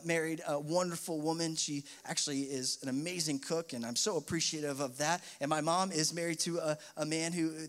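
High-voiced young man preaching a sermon. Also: a bit bright. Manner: personal storytelling, rising to impassioned outbursts. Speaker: pastor.

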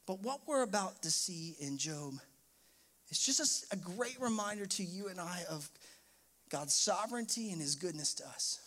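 A young man preaching to his congregation in a high, light voice. He tells a personal story in his sermon and climbs into impassioned, emotional outbursts before settling back down. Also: lively intonation, normal speed, a bit bright. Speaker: pastor.

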